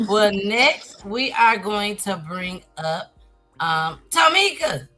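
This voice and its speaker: A woman hosting an online interview, gently encouraging her guests and calling them by name over a video call. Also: mid-range voice, expressive, slow, soft background music. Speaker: talk show host.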